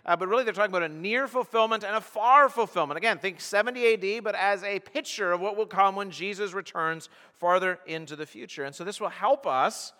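A man's voice: high voice, brisk, few pauses, bright, forceful tone. A pastor preaching an expository sermon, earnest and emphatic, often restarting his phrases as he works through the text. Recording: long hall reverb.

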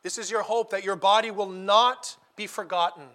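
A man preaching a sermon, earnest and emphatic. He drops quiet for a story, then builds to loud declarations. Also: high voice, steady tone, moderate pace.

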